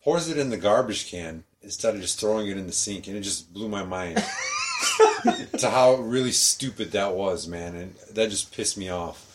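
A man's voice: fairly low pitch, animated, moderate pace, background noise. Incredulous, laughing man ranting casually. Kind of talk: casual chat.

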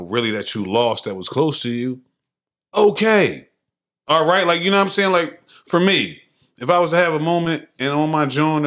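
A man co-hosting a podcast, talking in a brash, profane and mocking way in casual banter. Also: fairly bright tone. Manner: brash, profane, mocking, acts out quotes in high voices. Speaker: podcast co-host.

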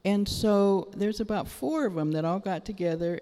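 A middle-aged woman gives an animated sermon testimony, telling her story with bursts of excited exclamation. Her voice rings out with a long reverb, like a large church hall. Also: medium pitch, normal speed, hardly any pauses. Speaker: church speaker.

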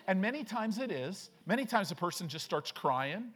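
Animated male pastor preaching. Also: sits high, normal speed, hardly any pauses, a little hiss or hum. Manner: conversational preaching with frequent "right?" asides; lively, acts out quoted voices and reads scripture aloud. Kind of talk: sermon. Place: church sanctuary.

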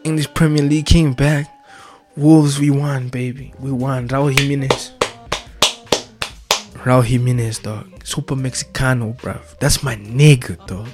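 A young man rants casually about football, excitable and slang-heavy, tagging nearly every phrase with street slang. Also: mid-range voice, a little slow, soft background music. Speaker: vlogger.

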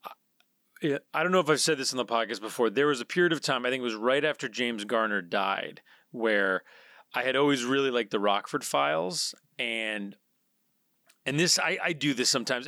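Bright-voiced chatty male podcast host. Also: mid-range voice, no room sound, studio quality. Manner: chatty and digressive, restarts often. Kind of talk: casual podcast chat.

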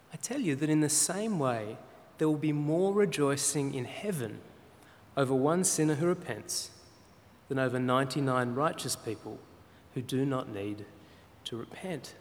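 A man preaching a sermon in an earnest way, often pausing with fillers as he explains. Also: medium pitch, animated. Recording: reverberant hall sound.

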